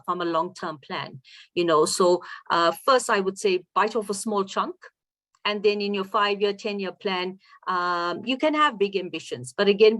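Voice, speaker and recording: A woman on a webinar panel as a judge and mentor, explaining clearly and step by step. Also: medium pitch, a bit bright.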